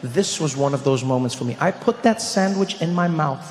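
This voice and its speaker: A man doing stand-up in a large live venue, telling a story with animated delivery and shouted punchlines. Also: a little high, moderate pace. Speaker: stand-up comedian. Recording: live show in a reverberant venue.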